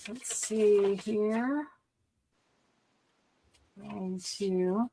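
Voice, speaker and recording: A woman's voice: mid-range voice, very slow, vocal fry, mellow, a little hiss or hum, poor audio. A woman hosting a casual live-stream craft sale, chatting as she shows items and counts stock.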